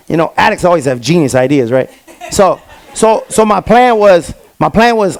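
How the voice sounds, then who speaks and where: Performing stand-up for a live crowd, a young comedian tells street-slang stories thick with repeated fillers. He speaks at normal speed in a high-pitched voice.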